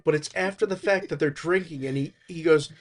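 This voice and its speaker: Male podcast guest, relaxed and conversational, retelling movie moments. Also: a little high, fairly quick. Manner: relaxed storyteller, recounts movie scenes. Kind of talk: casual chat.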